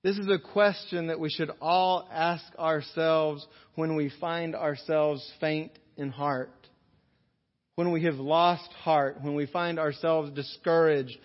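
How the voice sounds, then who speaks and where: A man preaching a sermon as pastor, earnestly, slowing down to stress key phrases. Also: fairly high pitch, steady tone. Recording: dull lo-fi sound in a reverberant hall.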